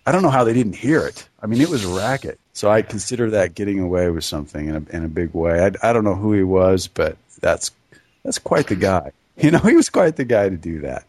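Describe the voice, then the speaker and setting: A man's voice: sits low, lively intonation, a little fast, a little mellow. Man telling a story, laughing often. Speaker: podcast co-host. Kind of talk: casual storytelling.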